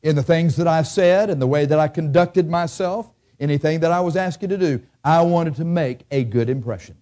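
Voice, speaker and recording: A man's voice: fairly high pitch, normal speed, dark tone. A man preaching a sermon in a church, speaking conversationally and asking his listeners frequent questions.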